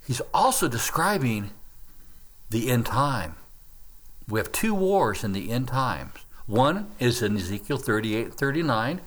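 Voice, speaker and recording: Animated pastor preaching. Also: male voice, medium pitch, unhurried. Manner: animated, dramatic storytelling with sound words. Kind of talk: sermon teaching.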